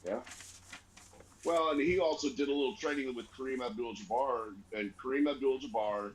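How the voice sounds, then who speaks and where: A man's voice: moderate pace, a little hiss or hum, poor audio. Chatty man telling family stories. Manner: animated storyteller, squeaky voice for grandma. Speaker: podcast co-host. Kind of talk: casual storytelling chat.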